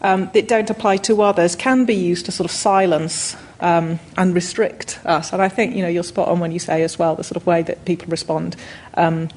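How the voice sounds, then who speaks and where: A woman's voice: fairly low pitch, steady tone, normal speed, a little mellow. A woman on a discussion panel, talking hesitantly with many ums and restarts.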